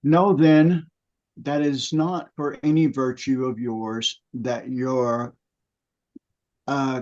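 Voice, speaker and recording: Male reader, slow careful scripture reading, higher voice, distant, dull sound. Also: darkish tone. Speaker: study participant reading aloud.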